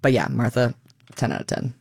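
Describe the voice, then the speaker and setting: A woman in her thirties, a stage actor, talking lively and expressively as a guest in a radio interview. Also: a bass voice, fairly quick, creaky, slightly rough, no echo, studio quality.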